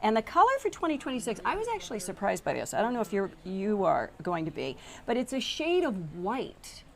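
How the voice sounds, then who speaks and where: Gravelly-voiced woman news anchor. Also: mid-range voice, fairly quick. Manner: lively, explaining and laughing along. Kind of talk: casual on-air chat.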